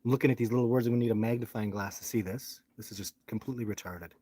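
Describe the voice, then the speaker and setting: A man's voice: fairly low pitch, rapid-fire, warm tone, husky, dry recording. A man hosting his own live stream, talking casually and complaining in a frustrated, rambling way into a phone held close.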